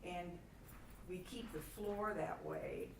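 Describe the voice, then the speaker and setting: A woman taking part in a workshop, who speaks in a measured, even way. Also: lowish voice, gravelly. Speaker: workshop participant. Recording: roomy, distant, with noise.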